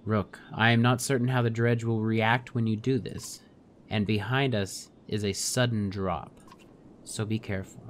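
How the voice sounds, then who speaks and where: A man voicing a calm, wise mystic woman. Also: fairly low pitch, normal speed, slight background noise, lightly acted. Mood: earnest.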